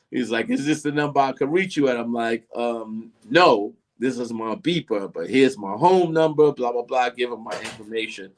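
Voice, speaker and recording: Animated New storyteller, middle-aged man. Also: mid-range voice, normal speed, hardly any pauses. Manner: animated, acts out voices in his story. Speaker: interview guest. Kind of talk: casual storytelling.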